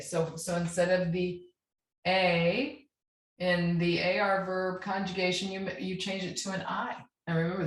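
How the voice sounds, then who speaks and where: A woman teaching a Spanish grammar lesson, patient and checking in often as she spells out verb endings. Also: medium pitch. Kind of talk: classroom lesson. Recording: echoey room.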